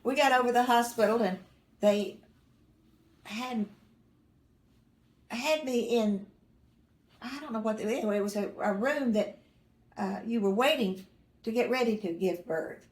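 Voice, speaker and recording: A woman's voice: on the high side, measured pace, pauses often, reverberant. An older woman recalling family memories in a rambling, self-correcting way, with dry humor and small chuckles. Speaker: mother recalling family stories. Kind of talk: casual personal storytelling.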